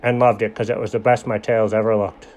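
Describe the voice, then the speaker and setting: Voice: medium pitch, level tone, a little fast, darkish tone, close to an everyday voice. A performer voicing a boastful male cartoon dog who rambles through tall tales with dry sarcasm. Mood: wry. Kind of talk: comedic cartoon voice acting.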